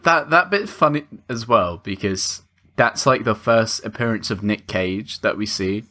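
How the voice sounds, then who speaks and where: A man co-hosting a podcast, joking casually and animatedly about a film. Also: fairly low pitch. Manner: animated, jokey, quick to laugh. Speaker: podcast co-host. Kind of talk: casual film review chat.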